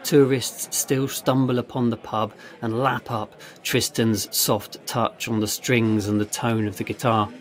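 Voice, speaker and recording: A man narrating a story in a steady, measured reading voice. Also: medium pitch. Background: faint guitar music.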